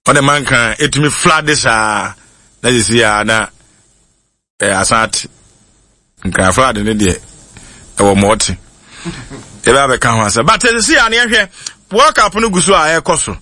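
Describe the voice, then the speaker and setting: A man's voice: medium pitch, unhurried, long pauses, sharp tone, dry recording. A Ghanaian-accented man talking casually to his YouTube viewers, laughing often and mixing in English phrases. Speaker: YouTube commentator. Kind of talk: casual monologue.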